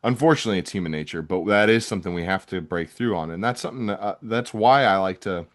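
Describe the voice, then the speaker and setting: A man's voice: on the low side, fast talker. A man hosting a podcast, talking in a casual, rambling way with many restarts. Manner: rambling, frequent restarts and fillers. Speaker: podcast host.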